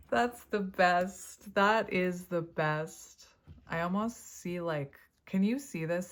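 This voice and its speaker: Woman, lower register, casual tarot reader, chatty, thinks aloud, quick to laugh. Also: darkish tone. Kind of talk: casual tarot reading to camera.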